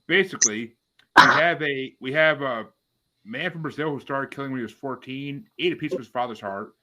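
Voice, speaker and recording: A man's voice: mid-range voice, a little fast, pushed and bright, slight background noise. A man hosting a casual podcast, reading out bracket matchups with swearing and dry asides. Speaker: podcast host.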